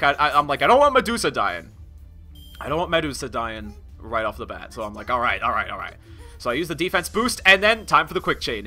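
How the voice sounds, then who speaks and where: An excitable man narrating his own gameplay with a very bright, ringing voice. His pitch leaps around constantly, and he laughs and shouts before dropping to quiet asides. Soft music plays underneath. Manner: excitable, laughing, swings from loud outbursts to low mutters. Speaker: game streamer.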